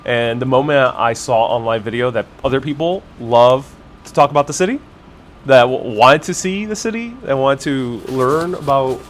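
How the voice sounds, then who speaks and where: Relaxed man live-streaming a food tasting. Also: medium pitch, slight background noise. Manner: relaxed, thinking aloud with fillers and restarts. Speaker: live-stream city vlogger. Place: cafe in the city. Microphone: wireless clip-on mic.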